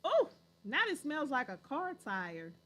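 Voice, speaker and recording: A woman with a high, bright voice that swoops up and down, hosting a casual livestream and reacting to viewer comments. She talks at an unhurried pace, and her delivery is playful and teasing, with frequent laughter. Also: very animated.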